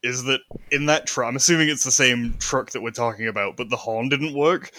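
A man's voice: medium pitch, brisk, sharp tone. A man chatting casually and swearing now and then. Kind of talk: casual chat.

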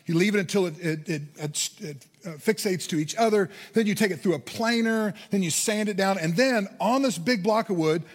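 A man's voice: sits high, normal speed. A man from Indiana preaching a sermon, telling a personal story and building to earnest emphasis. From Indiana, USA. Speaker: pastor. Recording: hall reverb.

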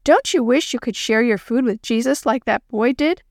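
Lady doing a calm church teacher lady, patient, a bit high, dry sound. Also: moderate pace, no room sound, close to an everyday voice. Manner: patient, gently instructive. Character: calm adult woman children's church teacher.

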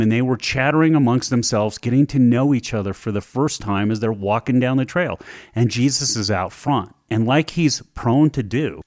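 A man's voice: medium pitch, a little mellow, no echo, studio quality. Man retelling a story with animation. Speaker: podcast host. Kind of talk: faith-based storytelling talk.

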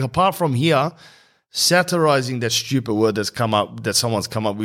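A man's voice: medium pitch, fairly even intonation, normal speed, fairly bright tone. A man hosting a podcast, rambling in slangy comic monologue and reading an ad. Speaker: podcast host. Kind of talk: comedic podcast monologue and host-read ad.

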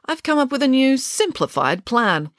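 A woman puts on a bossy female pig nanny from a storybook, firing off orders in a brisk, scheming tone. The voice swoops lively up and down. The sound is close and dry. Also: high-pitched, no echo, voice pushed up. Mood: brisk commanding.

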